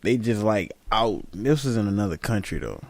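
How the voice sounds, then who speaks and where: A young man spins slangy, animated stories in casual chat, his pitch swinging widely. The recording is dry and close, with no room sound. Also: normal speed, creaky, no room sound. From Southern United States. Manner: animated, slangy storyteller who laughs often.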